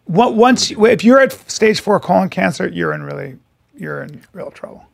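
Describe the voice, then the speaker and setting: This man has a high, gravelly voice with lively intonation and speaks at a normal speed, with no echo in the recording. Co-hosting a podcast, he tells profane stories casually and performs the voices of the characters in them.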